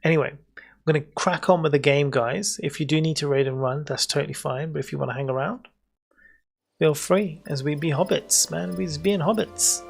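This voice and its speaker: Gravelly and on the high side, a British streamer talks a little fast as he plays, rambling and joking with the people in his chat.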